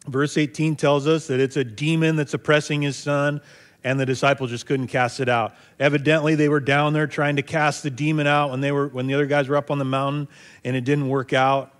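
A man's voice: a little high, flat delivery, fairly quick. A man reading scripture aloud and then explaining it in a conversational, thoughtful way, with occasional fillers. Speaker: Bible teacher. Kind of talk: scripture reading and sermon commentary.

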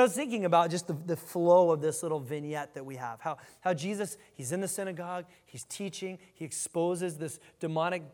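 A man preaching a sermon as pastor, animated, often restarting his phrases as he builds a point. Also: sits high, big-room sound.

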